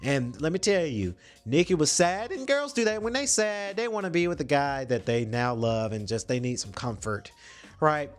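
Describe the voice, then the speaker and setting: A man hosting a podcast, casually retelling a movie plot in slangy, animated storytelling with some swearing. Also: a little high, normal speed. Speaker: podcast host.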